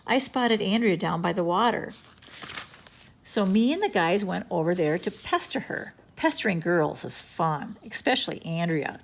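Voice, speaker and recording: A woman's voice: on the low side, lively intonation, normal speed, creaky, slight background noise. A woman reading a children's chapter book aloud in a playful, storytelling manner. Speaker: storybook reader.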